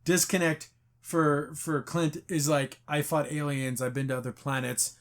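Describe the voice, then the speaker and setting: A man's voice: fairly high pitch, little pitch movement, a little slow. A man hosting a casual review podcast, animatedly retelling scenes and acting out the characters' lines. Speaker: podcast host.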